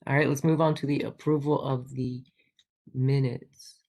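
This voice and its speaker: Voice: medium pitch, little pitch movement, moderate pace, gravelly, darkish tone. A meeting chair casually running a student senate meeting over a video call. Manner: casual, chatty presiding.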